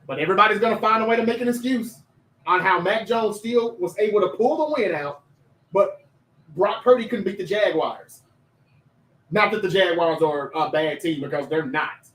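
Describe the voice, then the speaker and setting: A man hosting a casual sports talk livestream, chatty and animated, reading viewer comments aloud and talking straight to his chat. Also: sits high, moderate pace, roomy sound, far from the mic, rough recording.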